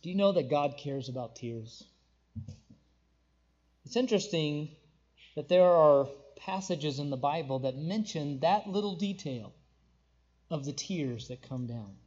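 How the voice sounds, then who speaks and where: High-voiced preacher, soaring then hushed. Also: male voice, lively intonation, unhurried, pauses often. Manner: swings from soaring emphatic declarations to hushed tender passages. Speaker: pastor. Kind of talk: sermon. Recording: dull lo-fi recording.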